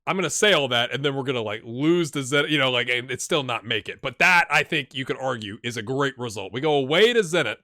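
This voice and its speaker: A man hosting a game channel, giving chatty, excitable live commentary while he plays and talking straight to his viewers. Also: medium pitch, fast talker, hardly any pauses, dry recording, studio quality. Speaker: gaming channel host.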